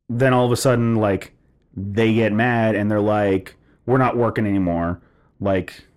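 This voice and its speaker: A young man telling a story in casual chat, animated, swearing freely and filling his talk with "like". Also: fairly low pitch. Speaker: podcast co-host telling a story.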